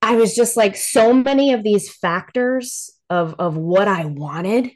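A woman's voice: medium pitch, takes it slowly. A woman in her forties, a podcast guest, telling her personal story bluntly and candidly, with swearing and frequent laughter. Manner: blunt, profane, laughs often.

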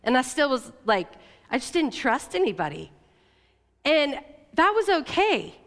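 A woman's voice: high voice, very animated, a little slow, big-room sound. A middle-aged woman giving a sermon in a candid, conversational way, with fillers and self-corrections. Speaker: church leader.

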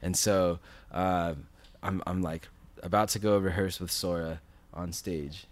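A man in his thirties telling a personal story in casual chat, animated, full of fillers and acted-out quotes. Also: low-pitched, a little slow, no room sound. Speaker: podcast guest.

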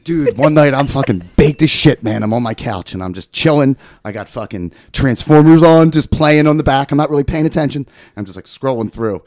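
A man's voice: mid-range voice, lively intonation, brisk, a little mellow. A young adult man in casual crude chat, a profane, rambling storyteller who laughs often. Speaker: podcast guest, former mail carrier.

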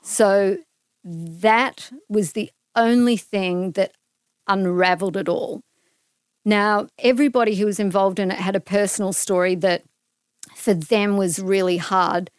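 A middle-aged Australian woman, a guest on a podcast, tells a personal story in casual conversation, animatedly acting out the dialogue. Her mid-range voice is unhurried, clear and resonant, captured in a dry, clean studio recording.

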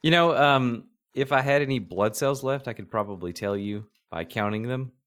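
A man's voice: mid-range voice, moderate pace, a bit bright. A man co-hosting a podcast, playful and incredulous in casual chat. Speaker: podcast co-host.

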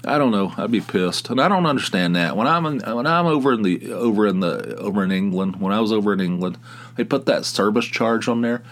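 A man's voice: lowish voice, lively intonation, brisk, fairly bright tone. A man in his forties from West Virginia, hosting a casual solo podcast and rambling with restarts and sighs. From southern West Virginia, US. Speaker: podcast host.

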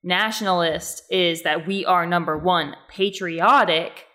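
A woman's voice: lowish voice, a little slow, sharp tone. A woman co-hosting a podcast in casual chat, talking emphatically and with strong opinions. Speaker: podcast co-host.

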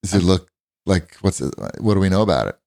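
Deadpan man with a very low voice. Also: fast, vocal fry, dry recording, clean studio sound. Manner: deadpan, crude jokes. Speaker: podcast co-host. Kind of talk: casual chat.

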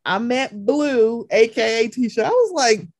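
Woman podcast host, lively storyteller, dry close mic. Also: unhurried, no echo. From Maryland. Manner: animated storytelling, acts out quotes with big pitch jumps. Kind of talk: casual podcast chat.

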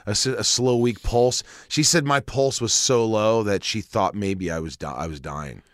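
A man with a low voice tells a personal story in casual chat. He acts out the dialogue and swears freely. The sound is dry and close. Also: normal speed, no echo.

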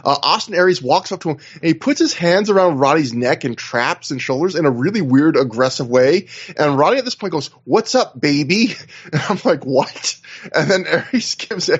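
A man's voice: a little high, a little fast, breathy edge, muffled recording. A man co-hosting a casual wrestling podcast over a video call, recapping at length and acting out what others said. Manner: rambling, animated recaps with acted-out quotes. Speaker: podcast co-host.

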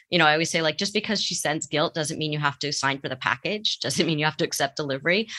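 A woman therapist with a low voice and a bright, forward tone. She gives advice in a studio conversation. She walks through everyday examples and acts out what people say. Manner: explains with everyday examples and acted-out quotes.

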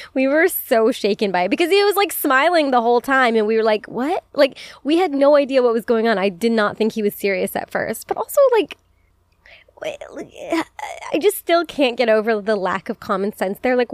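A woman in her twenties chats through a story on her podcast, cursing freely and breaking into laughs as she goes. Her voice sits a little high, and the recording is dry and close. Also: no echo. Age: 20s. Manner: chatty, swears freely, laughs often, animated retelling. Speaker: podcast host. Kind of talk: casual storytelling chat.

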